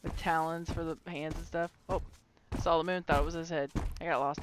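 A woman's voice: deep voice, steady tone, a little fast, background noise. A woman streaming a horror game, commenting live and playfully taunting a monster, swearing freely.

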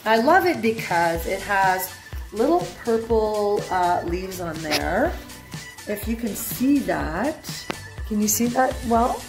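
A woman's voice: mid-range voice, sing-song, takes it slowly. A middle-aged woman giving a rambling, enthusiastic tour of her houseplants at home, often unsure of their names. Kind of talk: casual home video tour. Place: home room with plants. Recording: roomy home echo with music behind.

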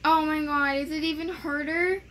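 A woman's voice: high-pitched, fairly even intonation, moderate pace, fairly bright tone, a little hiss or hum, low-quality recording. A woman gamer chatting casually while playing, frustrated and exclaiming, with dramatic complaints. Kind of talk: casual gameplay chat.

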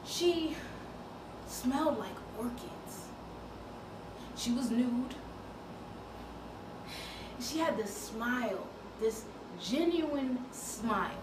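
A high-voiced woman confides in a slow, emotional theatrical monologue, her pitch rising and falling expressively. She takes her time over each phrase. The room is echoey, with a clear hum of background noise. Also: animated, far from the mic. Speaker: actress performing a monologue.

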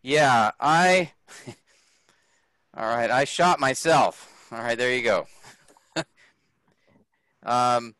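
A man teaching a grammar lesson to a group, slow and patient, often checking that the class follows. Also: mid-range voice, a bit bright, dry recording. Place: workshop room.

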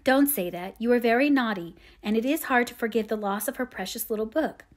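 A woman reading aloud, voicing a sensible, kind young elder sister who coaxes gently. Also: a little high, fairly quick, close to an everyday voice. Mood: coaxing.

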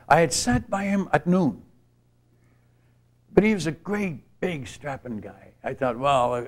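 An older man giving a storytelling sermon at a church retreat, earnest and rambling, with many restarts. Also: medium pitch. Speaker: missionary speaker. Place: church retreat camp gathering.

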